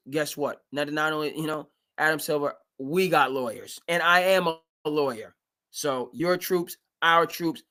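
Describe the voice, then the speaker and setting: A man with a voice on the high side hosts a live sports talk stream. He speaks in an animated, emphatic way and occasionally mimics team owners.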